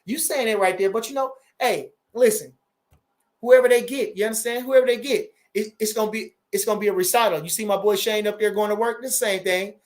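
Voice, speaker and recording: A man, hosting a casual livestream and reading viewer comments aloud, animated and profane and repeating his phrases. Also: sits high, brisk. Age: 40s. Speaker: boxing trainer and livestream host.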